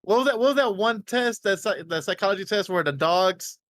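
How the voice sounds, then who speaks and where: High-voiced young man, halting chat. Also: lively intonation, fairly bright tone, dry recording. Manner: halting, stammering, asks questions. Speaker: podcast co-host. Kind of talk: casual gaming chat.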